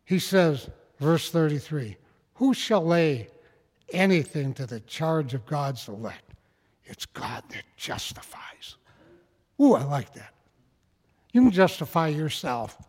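Preacher guy, chatty and then fired up, highish voice, big reverby church. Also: very animated, a little slow. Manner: folksy, building to fervent shouted passages. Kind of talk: sermon.

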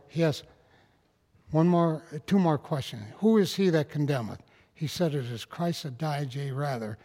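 A man preaching a sermon in a folksy, conversational way that rises into fervent, loud passages. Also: on the high side, in a large hall.

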